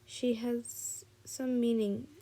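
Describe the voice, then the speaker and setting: A tired woman reading a young man's lines in a fan fiction story, slowly and with frequent restarts. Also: a little high, flat delivery, warm tone. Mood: earnest.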